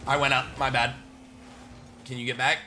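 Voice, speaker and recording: A man chatting casually while playing an online match, calmly encouraging his teammate and calling out plays over a headset voice chat. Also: medium pitch, a little hiss or hum. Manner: calm, encouraging, gives quick callouts to a teammate. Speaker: gamer and channel host.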